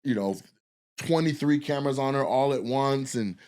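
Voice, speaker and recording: A comedian and podcast host in his forties, speaking at normal speed in a mid-range voice with a darkish tone, tells a long, profane story. He's casual and rambling, acting out the people he quotes.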